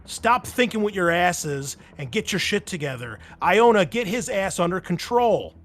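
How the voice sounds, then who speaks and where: Man voicing a furious female captain, loud and profane. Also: high voice, very animated, normal speed, voice pushed up. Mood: commanding. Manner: shouting, commanding, profane. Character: furious tough woman military captain barking orders.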